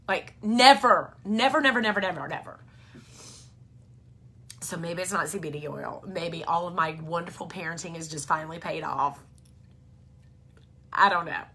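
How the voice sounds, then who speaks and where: Talking to camera, this mom and vlogger rambles on about her family with lots of filler as she tells casual stories. Her voice sits on the low side and sounds pushed and bright.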